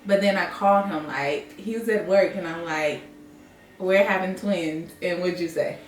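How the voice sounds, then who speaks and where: A woman's voice: fairly low pitch, moderate pace, a little hiss or hum. A woman chatting casually in a vlog, laughing along as she talks. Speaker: vlogger, mother of twins. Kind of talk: casual chat. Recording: echoey room, mic at a distance.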